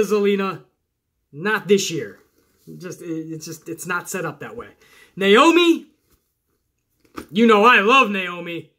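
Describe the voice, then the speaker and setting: A man hosting a casual wrestling podcast, animated and chatty, swearing and talking straight to his listeners. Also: sits high. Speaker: podcast host.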